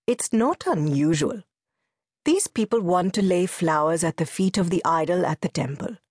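A level-headed wife, voiced by a woman narrator who teases her excitable husband without raising her voice. The delivery is low-pitched and close to the mic. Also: normal speed, slightly rough, no room sound. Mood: chiding. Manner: calm, gently chiding.

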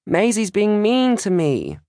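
A man voicing a whiny, tearful small girl in a children's audiobook, with a wobbly, slow, sobbing delivery. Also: sits high, wildly swooping pitch, mellow, no echo, clean studio sound, voice pushed up, heavily acted. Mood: whining.

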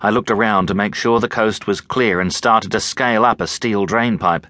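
A man narrating an audiobook in the first person, telling the story in an expressive, tense way. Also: on the low side, normal speed, no echo. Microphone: close studio mic.

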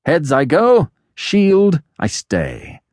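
An earnest younger brother in an old novel , as a man voices him, pitched a little high and pressing hard. The pitch moves around as he argues. The reading stays dry and close. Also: huge pitch swings, extremely slow, darkish tone, dry recording, heavily acted. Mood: resolute. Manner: tense and insistent, pitched higher. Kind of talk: audiobook character voice.

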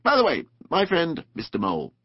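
A man voicing a cheerful, confident male water rat who talks in a brisk, hearty, chummy way in a storybook reading. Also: a little high, huge pitch swings, slightly rough, dry recording, voice pushed up, exaggerated voice. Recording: dull dry studio recording.

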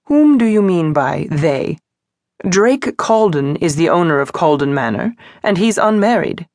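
A frigid, stern suffragist leader with a cold, clipped and emphatic delivery, as a woman narrator puts her on. The voice sits fairly low, and the storybook reading is close and dry. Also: lively intonation, a little slow, a little mellow, no echo.

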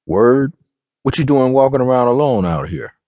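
A man's voice: mid-range voice, expressive, normal speed, dark tone, dry recording, voice pushed up, close to an everyday voice. A man voicing a cocky, menacing streetwise young man with slangy swagger, in an audiobook reading.

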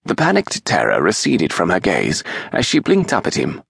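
A man reading a historical romance audiobook aloud in an expressive, measured storytelling manner, with a gravelly, husky voice on a close studio mic. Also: low-pitched, no room sound. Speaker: audiobook narrator. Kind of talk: scripted narration of a historical romance.

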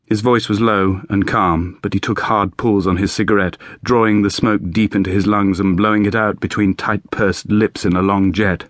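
Low-voiced man narrating audiobook. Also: fairly even intonation, moderate pace, few pauses, fairly bright tone, dry recording. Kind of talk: scripted narration. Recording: dry studio voice-over.

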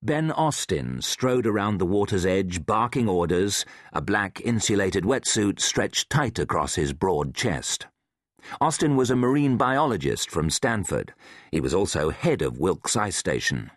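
A man narrating a thriller audiobook in a measured, dramatic way. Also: low-pitched, expressive, no echo, studio quality. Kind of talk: scripted narration.

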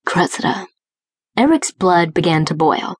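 A woman reading a romance audiobook as its narrator, with smooth, even storytelling. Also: fairly low pitch, normal speed, no echo. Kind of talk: scripted narration. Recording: dry close studio read.

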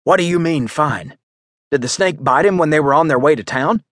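A man's voice: on the high side, fairly quick, fairly bright tone, dry recording, studio quality, voice pushed up, natural voice. A man doing an earnest young frontiersman. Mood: alarmed.

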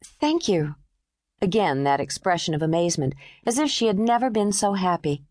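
Expressive female audiobook narrator. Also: lowish voice, no echo, clean studio sound. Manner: measured and expressive. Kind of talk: scripted narration.

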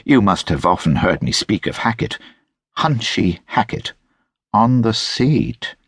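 Pompous hearty gentleman, gushing, lively pitch, husky edge, voiced by a male narrator. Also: a little slow, dry recording, studio quality, exaggerated voice. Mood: effusive. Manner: effusive, self-important. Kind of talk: audiobook character voice.

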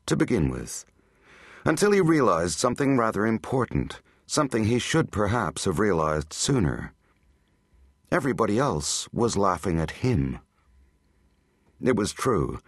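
A man's voice: fairly low pitch, no echo, clean studio sound. A man narrating an audiobook in a dramatic, tense storytelling manner. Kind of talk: scripted narration.

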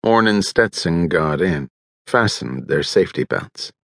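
A man narrating an audiobook in an even, measured storytelling manner on a close studio mic. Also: low-pitched, dry recording. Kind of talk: scripted narration.

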